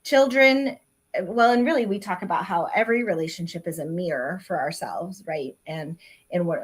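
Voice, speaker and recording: A woman's voice: lowish voice, slightly rough. A middle-aged woman talking casually on a panel, thoughtful and hedging, with lots of ums and asides. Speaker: re-parenting panelist.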